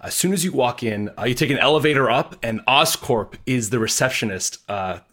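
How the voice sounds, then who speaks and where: A man as a podcast guest, excitedly telling about an event he attended. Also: medium pitch, brisk. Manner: excited storytelling. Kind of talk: recounting an event.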